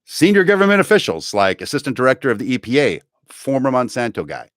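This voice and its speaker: A man hosting a live comedy show, rambling and joking to camera, jumping between loud bursts and low mutters. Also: wildly swooping pitch, quick pace, no echo, studio quality. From United States.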